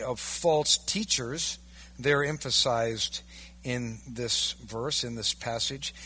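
Bright, husky-voiced preaching man. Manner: emphatic preaching, rising to loud peaks then dropping low. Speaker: pastor. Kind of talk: sermon.

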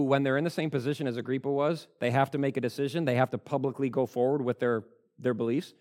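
Man preaching with sudden loud bursts. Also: medium pitch. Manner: dramatic, acts out the characters with sudden loud shouts. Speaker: pastor. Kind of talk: sermon.

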